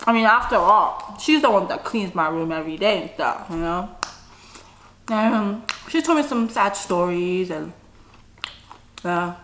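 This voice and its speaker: With a lowish, fairly bright voice, this middle-aged mukbang vlogger chats expressively as she eats, humming "mm" frequently between bites. She keeps a measured pace and pauses often. The audio carries a little hiss or hum and roomy echo.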